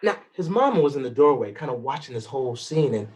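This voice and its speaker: A man telling a folk-style story with expressive, dramatic pacing. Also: mid-range voice, quick pace. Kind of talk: storytelling performance.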